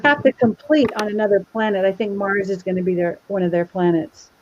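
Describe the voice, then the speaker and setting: A woman's voice: mid-range voice, fairly even intonation, fairly quick, slight background noise. A woman taking part in a spiritual discussion show, speaking in a rhythmic, poetic way. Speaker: show participant. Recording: dull lo-fi audio.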